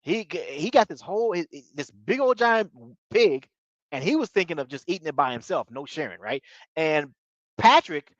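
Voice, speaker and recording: A man's voice: on the high side, big pitch swings, moderate pace, no echo. A man with a slightly raised voice talks through a TV episode in a loose, rambling way, circling back on his words and tossing in filler phrases. The recording is dull and lo-fi, and very dry, with no room sound. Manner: rambling, repeats himself, fillers like "you know what I mean". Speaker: TV show reviewer. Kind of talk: casual episode recap.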